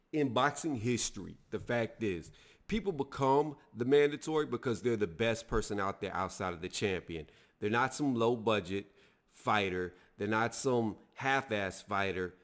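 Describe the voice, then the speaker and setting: A man giving blunt, heated opinion commentary on a sports news story, talking casually to his viewers. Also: on the low side. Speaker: boxing video reviewer.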